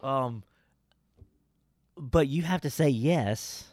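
A man's voice: medium pitch, extremely slow, a little mellow, no room sound, clean studio sound. A man, a pastor co-hosting a casual Bible-study chat, emphatic and folksy with preacherly asides.

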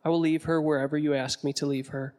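A stern, mysterious woman who keeps a hidden gate, as a male narrator puts her on, speaking with a foreign accent. She sounds grave and commanding, and regretful underneath. It is told as a storybook reading in a fairly high voice. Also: flat delivery, fast, darkish tone, natural voice.

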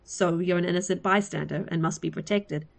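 A woman reading aloud, voicing a masked male assassin who speaks calmly and bluntly. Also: lowish voice, fairly quick, creaky. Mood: firm. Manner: calm, flat, matter-of-fact. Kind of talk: read-aloud story.

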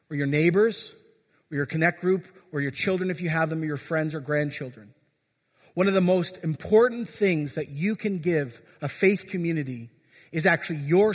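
A pastor with a fairly high, breathy-edged voice preaches a sermon in church, exhorting his congregation and putting questions to them. A long church reverb trails his words.

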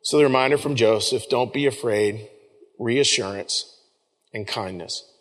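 Male pastor, relaxed sermon, mid-pitched voice, long reverb of a big church. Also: a little slow. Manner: conversational, often repeats words, addresses listeners as folks. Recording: long reverb of a large room.

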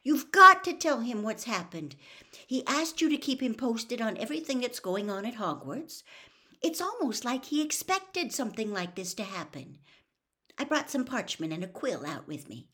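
A woman's voice: fairly high pitch, big pitch swings, sharp tone, pitched above the performer's own voice, exaggerated voice. Hermione, a woman reading an earnest, anxious schoolgirl. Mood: urgent. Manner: earnest, persuasive, quick. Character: earnest, anxious, sensible teenage girl. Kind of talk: audiobook character reading.

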